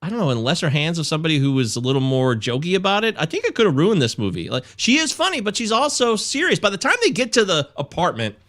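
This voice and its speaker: A man's voice: fairly high pitch, big pitch swings, quick pace, few pauses, fairly bright tone. A man hosting a film podcast, giving opinionated, jokey takes in casual chat. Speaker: podcast co-host.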